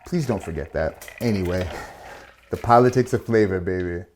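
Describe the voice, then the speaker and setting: A man's voice: sits low, normal speed, a little mellow, a little hiss or hum. Chatty man mixing cocktails. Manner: chatty and playful, with asides and slang. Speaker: bartender and channel host. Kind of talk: casual cocktail tutorial.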